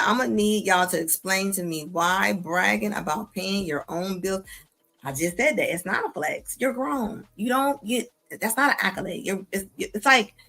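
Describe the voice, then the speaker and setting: A woman hosting a casual reaction video, talking in an animated, slangy way and laughing often. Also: medium pitch. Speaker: commentary video host.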